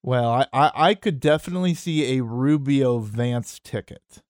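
A man's voice: medium pitch, a little slow, dry recording. A man co-hosting a political talk radio show, talking in a conversational, wry way on a studio microphone. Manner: conversational and wry, with short chuckles.

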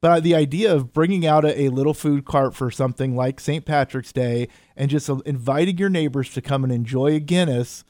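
A man's voice: mid-range voice, a little fast, hardly any pauses, darkish tone, dry recording. A man co-hosting a radio show in casual chat, earnest and reading out date facts. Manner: earnest, reads date facts, talks about community. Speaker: radio co-host.

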